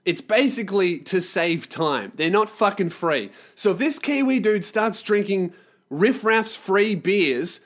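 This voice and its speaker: A man's voice: high voice, animated, a little slow, a bit bright. A man hosting a podcast, telling a story as a profane, sarcastic rant. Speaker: podcast host and touring performer.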